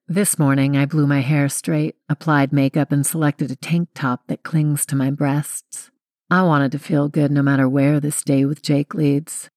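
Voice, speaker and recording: A woman's voice: low voice, darkish tone, no room sound, clean studio sound. A young woman reading a first-person audiobook in a wry, confiding way. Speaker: audiobook narrator.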